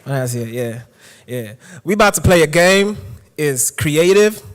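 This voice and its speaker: A young man from Ghana hosting a conference game session, energetic and joking, talking to a live audience. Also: a little high, measured pace, in a large hall. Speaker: session host. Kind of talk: hyped conference game host. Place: conference hall.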